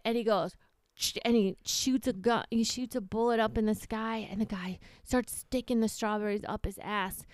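Smooth-voiced woman telling a rambling joke. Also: on the high side, steady tone, moderate pace, no room sound, clean studio sound. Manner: rambling storyteller, acts out characters loudly. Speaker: podcast co-host. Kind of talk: casual chat, telling a long joke.

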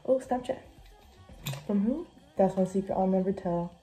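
A woman's voice: mid-range voice, normal speed, mellow, low-quality recording. A young woman chatting casually as she vlogs a cooking session at home, scattered and full of "like". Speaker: vlogger. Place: home kitchen. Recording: music playing underneath. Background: background music.

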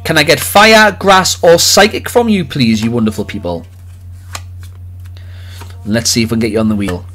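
A man hosting a live card-opening stream, chatting excitedly with viewers and calling out their names. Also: medium pitch, soft background music. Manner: excitable, jokey, rapid swings between loud cheers and quiet mutters. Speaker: livestream host opening trading cards.

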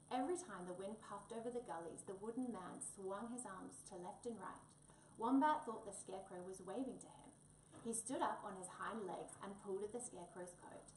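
A woman's voice: mid-range voice, normal speed. Woman reading a children's story aloud. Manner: expressive, lilting reading. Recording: echoey room, distant mic, faint noise.

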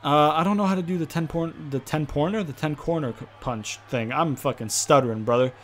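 A man giving excitable, profane let's-play commentary, often repeating himself. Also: a little high, fairly quick, a little hiss or hum. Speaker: gaming video host.

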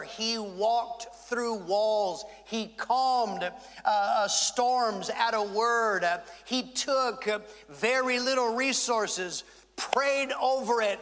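High bright-voiced preacher in a hall. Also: male voice. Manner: preaching with dramatic pauses and acted-out quotes. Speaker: pastor. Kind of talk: sermon. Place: large church hall. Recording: reverberant church hall.

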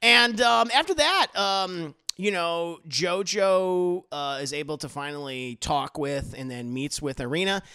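A man casually recapping a TV episode, animated and profane, acting out the scenes as he goes. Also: a little high, measured pace, hardly any pauses, smooth. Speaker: TV reviewer.

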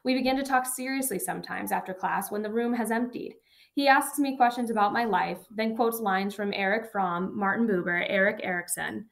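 A woman reading a first-person memoir aloud as an audiobook narrator, steady and even. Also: mid-range voice, a little fast, vocal fry.

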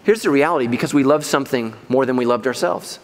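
A man's voice: medium pitch, fast, long reverb tail. A middle-aged male pastor preaching a sermon in a church, conversational and joking, laughing at his own jokes. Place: church auditorium.

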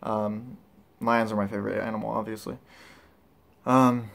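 A man's voice: fairly low pitch, flat delivery, normal speed, creaky, a bit bright. A man talking casually to camera as a vlogger, rambling and candid with lots of filler words. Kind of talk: casual vlog talk.

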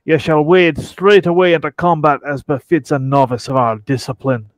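A man putting on a gruff pirate guild master. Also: on the high side, steady tone, normal speed, no echo, lightly acted. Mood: stern. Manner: mock pirate growl, rolling declamation.

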